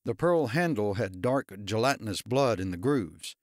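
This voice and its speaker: Steady male audiobook narrator. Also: on the low side, normal speed, hardly any pauses, no echo, clean studio sound. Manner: steady storytelling. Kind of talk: scripted narration.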